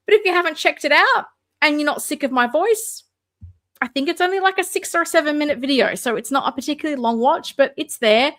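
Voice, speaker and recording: A woman's voice: high-pitched, expressive, quick pace, fairly bright tone. An Australian woman hosting a casual livestream, chatting and answering viewer comments. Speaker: livestream host.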